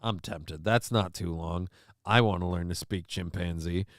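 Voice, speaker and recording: A man's voice: deep voice, measured pace, dry recording. A man hosting a commentary show, rambling casually with many fillers and frequent swearing. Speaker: show host.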